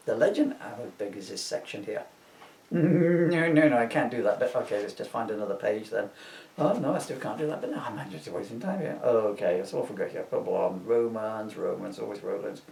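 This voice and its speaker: Gravelly and a little mellow, his mid-range voice carries a middle-aged man's reading of his own comedy book. He laughs at his own jokes and breaks off for chatty asides. He sounds far from the mic in a roomy recording.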